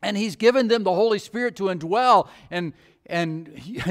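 A man's voice: high-pitched, expressive, moderate pace. A middle-aged male pastor preaching a sermon, asking the congregation rhetorical questions in a conversational way.

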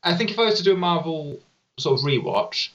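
A man's voice: a little high, animated, fairly quick, fairly bright tone, muffled recording. A man in a casual podcast chat who rambles and keeps hedging with "sort of".

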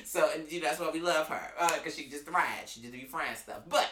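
A woman co-hosting a casual podcast chat, telling family stories with lively laughter. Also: low voice, a little fast, echoey room. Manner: animated, laughing storyteller. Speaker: podcast co-host.

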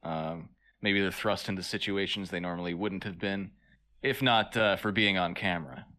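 A man co-hosting a comedy podcast, playing along with dry, deadpan asides. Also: low-pitched, moderate pace. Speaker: podcast co-host. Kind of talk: comedic in-character podcast chat.

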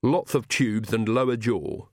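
A man voicing a devoted old male castle servant who speaks slowly and deliberately. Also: fairly low pitch, lively intonation, dry recording, clean studio sound. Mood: plain. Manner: slow, deliberate, matter-of-fact.

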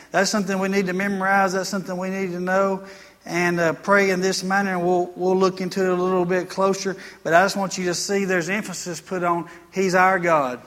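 A man's voice: high-pitched, flat delivery, a little fast, fairly bright tone, long reverb tail. A man preaching a sermon as pastor, earnest and folksy, repeating phrases for emphasis.

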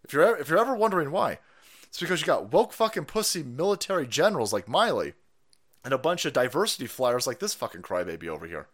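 A man hosting a profane, sarcastic political rant show, breaking into loud mock outrage. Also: a little high, sing-song, quick pace. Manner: foul-mouthed, sarcastic, shouting in mock outrage. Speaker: political commentary host.

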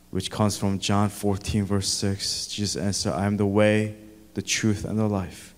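A man's voice: on the low side, flat delivery, unhurried. A male pastor delivering a sermon with an earnest, repetitive preaching cadence, recorded in a church sanctuary. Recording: echoey church hall.

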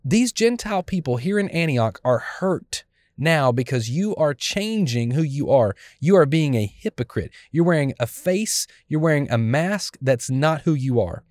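A man pastor preaching a sermon in an animated way, acting out the scenes of the scripture he is teaching. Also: a little high, normal speed, dry recording.

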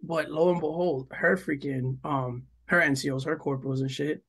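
A man's voice: a little high, steady tone, normal speed, fairly bright tone, husky. A young man from New Jersey, co-hosting a podcast, telling a long story in a rambling, profane way and acting out what people said. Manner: rambling, profane, full of "like" and "yo", acts out quoted lines. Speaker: podcast co-host. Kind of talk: casual storytelling chat.

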